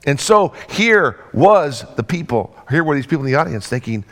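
A man preaching a sermon as pastor, dramatic, swinging from loud bursts to hushed low lines. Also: sing-song, moderate pace, hardly any pauses.

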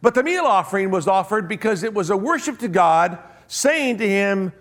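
A man with a rather high-pitched voice preaches a sermon. He talks to his listeners as if chatting with them, firing off rhetorical questions. He hurries through asides and slows down to stress key words. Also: animated, fairly bright tone. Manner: rhetorical questions, shifting between quick asides and slow emphasis; conversational, addresses listeners directly.

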